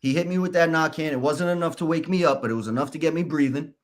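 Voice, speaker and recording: Guy on a podcast, telling his story, lots of restarts, candid and halting. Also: fairly high pitch. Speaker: podcast guest. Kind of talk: casual storytelling.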